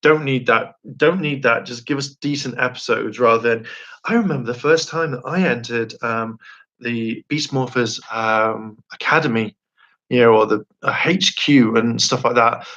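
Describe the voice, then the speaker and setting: A man's voice: mid-range voice, moderate pace, fairly bright tone, dull audio. A young man chatting casually on a live stream, rambling and enthusiastic, laughing often and acting out quotes.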